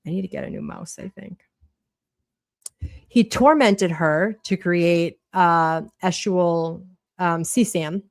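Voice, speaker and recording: Her voice sits on the low side with vocal fry, and she takes her time: a Boston-accented livestream host, blunt and talkative, cursing openly while reading out a court document. The recording is clean and echo-free, like a studio.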